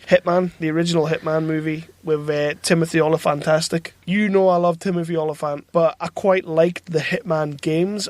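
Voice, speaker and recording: A man hosting a podcast in casual chat, sweary and enthusiastic, quick to laugh. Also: high voice, dry recording. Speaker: podcast host.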